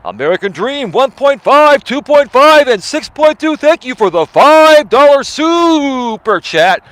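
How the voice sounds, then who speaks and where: A man putting on the voice of a smooth-talking male strip club DJ announcer, with a drawn-out, booming showman delivery. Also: sing-song, fairly bright tone, no room sound, heavily acted. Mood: hyping.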